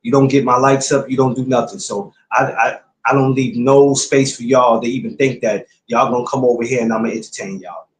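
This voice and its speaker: A man's voice: mid-range voice, steady tone, a little fast, few pauses, roomy sound, slight background noise. A man hosting his podcast, talking casually and bluntly to his viewers, repeating his points like a lecture. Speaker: podcast host. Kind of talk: casual livestream talk to viewers.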